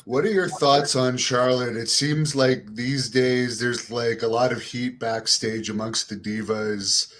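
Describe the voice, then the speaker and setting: A man's voice: mid-range voice, steady tone, measured pace, hardly any pauses, a bit bright. A man hosting an interview, asking questions in a plain, matter-of-fact way. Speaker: interview host.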